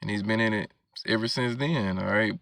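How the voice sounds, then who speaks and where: A man's voice: fairly low pitch, brisk, gravelly, fairly bright tone, dry recording, clean studio sound. A man preaching, reading scripture verses aloud and explaining them, often checking in with "all right?". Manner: keeps asking "all right?" and "you know what I'm saying".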